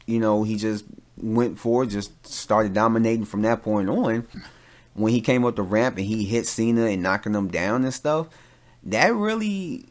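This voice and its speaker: A man hosting his own podcast, giving casual solo commentary in an animated, rambling rant full of fillers and restarts. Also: on the low side. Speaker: podcast host; father.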